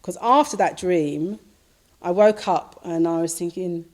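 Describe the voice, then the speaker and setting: A woman Buddhist teacher giving a dharma talk, slowly recounting a dream in a reflective, repetitive way with soft fillers. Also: on the low side.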